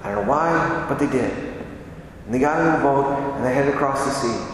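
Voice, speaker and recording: Heard from far off in an echoey hall, a man preaches in a conversational style, leaning on rhetorical questions and repetition for emphasis. He talks briskly in a mid-range voice over slight background noise.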